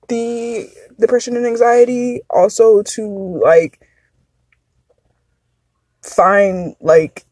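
A woman's voice: medium pitch, a little mellow, husky, dry recording. A woman in her thirties hosting a podcast, talking frankly and confessionally in a casual chat that drifts into tangents. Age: 30s. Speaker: podcast host.

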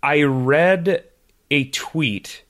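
A man's voice: on the high side, drawn-out words, a bit bright. A man co-hosting a podcast in casual chat, talking animatedly and laughing easily. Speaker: podcast co-host.

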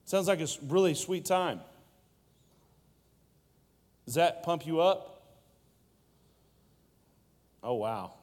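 A man's voice: fairly high pitch, expressive, takes it slowly, pauses often, darkish tone, in a large hall. A male pastor preaching a sermon with rhetorical questions and playful asides.

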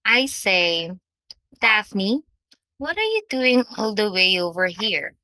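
Woman reading as a teasing young gentleman. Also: medium pitch, big pitch swings, slow, no room sound, pitched above the performer's own voice, heavily acted, rough recording. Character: teasing wry young gentleman, eldest brother.

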